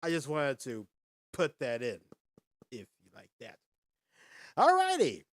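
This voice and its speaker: A man hosting a casual live podcast, chatting with viewers in a folksy, animated way and reading quiz questions. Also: mid-range voice, unhurried, no room sound, clean studio sound. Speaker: podcast host.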